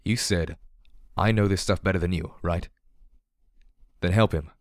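A man's voice: deep voice, unhurried, no echo, clean studio sound. A man voicing a tough, blunt female pony mercenary who speaks in brusque, clipped orders. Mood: firm.

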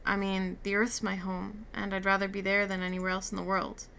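A woman's voice: medium pitch, completely flat delivery, fairly quick, creaky, bright, forceful tone, slight background noise. A woman reading a novel aloud, giving the characters' lines light shifts. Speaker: reader. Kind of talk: audiobook reading with character dialogue.

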